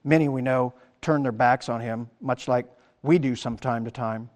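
Man, pastor, animated sermon, quoting the crowd, reverberant hall. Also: medium pitch, normal speed. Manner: animated preaching, acts out quoted crowd lines.

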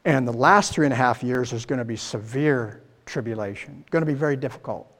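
Conversational preacher in a reverberant hall. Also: male voice, mid-range voice, a little fast. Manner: conversational, asks the listeners questions. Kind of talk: Bible teaching sermon.

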